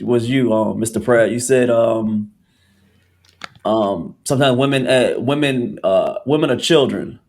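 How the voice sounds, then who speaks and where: Animated, rambling man hosting a podcast. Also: medium pitch. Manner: animated, rambling, restarts often, acts out quotes. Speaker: podcast host. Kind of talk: casual podcast discussion.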